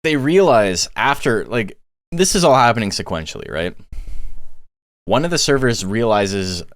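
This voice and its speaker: A man hosting a live stream, giving casual commentary on monster battles in a relaxed, chatty way and laughing as he tells stories. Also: mid-range voice, moderate pace, no echo, studio quality.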